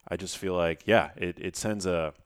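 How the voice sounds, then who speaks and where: Male podcast host, very deep voice, reflective, searches for words, dry sound. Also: steady tone, moderate pace, smooth, no echo. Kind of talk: conversational interview.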